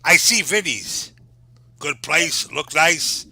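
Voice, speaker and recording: A man, joining a live stream as a guest and telling a story in an animated, jokey way. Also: a little high, slow pace, creaky, breathy edge, no echo. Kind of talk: casual live-stream chat.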